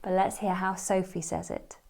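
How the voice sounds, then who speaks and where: A woman narrating an accent tutorial in a measured, explanatory way. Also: lowish voice, flat delivery, vocal fry, a little mellow.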